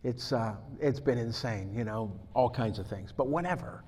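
A man's voice: mid-range voice, normal speed. Male pastor preaching in a reverberant hall. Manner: storytelling, grows loud and excited, laughs. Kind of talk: sermon. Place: church hall.

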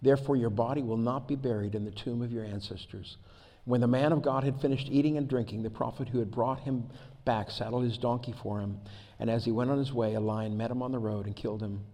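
A man's voice: medium pitch, a little fast. Male pastor preaching in a reverberant hall. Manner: storytelling, grows loud and excited, laughs. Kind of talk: sermon. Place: church hall.

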